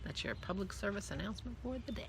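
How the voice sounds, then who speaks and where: A woman with a medium-pitched, fairly bright voice hosts a casual vlog-style podcast, rambling easygoingly, trailing off and restarting, and now and then cooing affectionately at her dog. The recording has a little hiss or hum.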